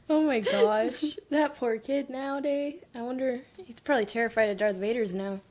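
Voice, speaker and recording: A woman hosting a casual interview, laughing often and chiming in with quick supportive replies. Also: a little high, darkish tone. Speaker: podcast host.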